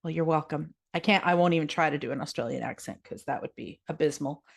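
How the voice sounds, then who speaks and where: Canadian woman, podcast host, slightly low pitch, casual and upbeat delivery. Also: fast, gravelly. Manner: chatty, upbeat, laughs easily. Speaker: podcast host and yoga teacher. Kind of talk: casual solo podcast, reading listener comments aloud.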